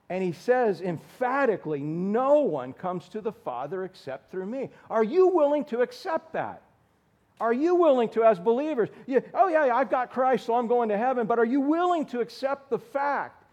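A man preaching a sermon, animated and direct, calling on listeners by name and asking the room questions. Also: high voice. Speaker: pastor.

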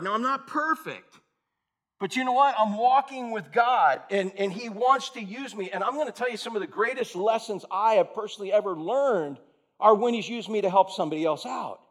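A man in his sixties preaching a casual, lively sermon, calling listeners dude and bro. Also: high-pitched. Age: 60s. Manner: animated, slangy, calls the audience dude and bro. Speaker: pastor.

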